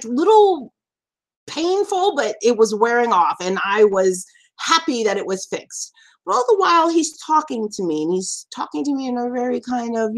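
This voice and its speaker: A woman hosting a live stream, telling a personal story with lots of laughter and animated acted-out quotes, then slowing down and softening for serious points. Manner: animated, laughs often, acts out quotes with big pitch jumps. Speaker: survivor advocate and live stream host.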